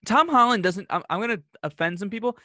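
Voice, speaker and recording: A man co-hosting a podcast, chatting casually and telling animated, opinionated stories. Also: high voice, fast, no room sound, studio quality. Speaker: podcast co-host. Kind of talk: casual chat.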